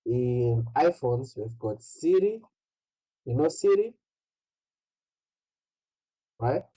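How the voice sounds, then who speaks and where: Slow, mellow-voiced English tutor. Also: medium pitch, lively intonation, rough recording. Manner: patient, repeatedly checks with "right?". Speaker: English pronunciation teacher. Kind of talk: one-on-one tutoring.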